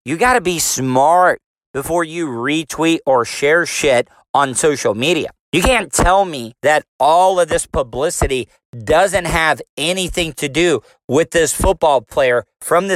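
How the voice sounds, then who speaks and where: A man's voice: a little high, fairly bright tone, no room sound. A man, formerly in radio, delivering a combative, profane rant full of rhetorical questions. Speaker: commentator, former radio host. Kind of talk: ranting commentary.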